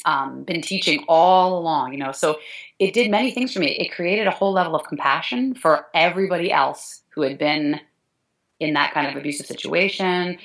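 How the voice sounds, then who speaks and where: A middle-aged woman with a low voice tells her story as an interview guest. She speaks earnestly and with feeling, often restarting her sentences mid-thought. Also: gravelly, fairly bright tone, poor audio. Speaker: guest, dance teacher. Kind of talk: emotional interview talk.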